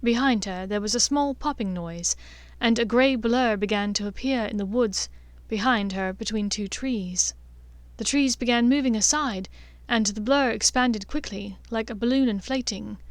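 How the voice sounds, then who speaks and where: Woman reading a fanfic audiobook, steady and clear, kinda high. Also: moderate pace, dry recording. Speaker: narrator. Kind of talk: audiobook fan fiction narration.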